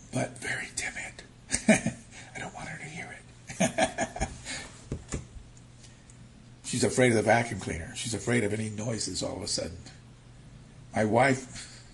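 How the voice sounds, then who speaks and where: A man preaching a sermon, telling stories with animated, shifting emphasis, from near-whispers to loud stresses. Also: mid-range voice, gravelly, a little hiss or hum. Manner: animated storytelling, acting out quotes.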